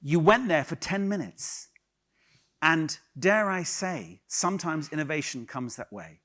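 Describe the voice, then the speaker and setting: A man from England leads an improv workshop before a live audience, playfully teasing his volunteers. His voice is bright and fairly high, and it swings widely in pitch as he jokes and explains. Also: animated, unhurried. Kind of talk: lively workshop talk. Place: conference hall with a live audience.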